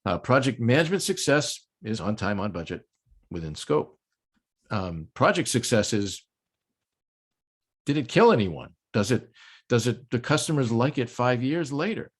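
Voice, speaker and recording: A man's voice: medium pitch, big pitch swings, normal speed, breathy edge. An older man from the United States lecturing a project management audience in a conference talk, explanatory with frequent ums and light jokes. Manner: explanatory, occasional filler ums, light joking.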